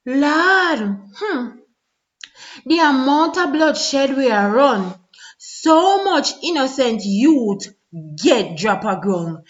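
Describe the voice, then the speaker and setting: A woman's voice: high-pitched, expressive, takes it slowly, fairly bright tone, muffled recording. A woman with a Jamaican Patois accent, delivering a spoken-word lament in a pleading, sing-song chant. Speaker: vlogger.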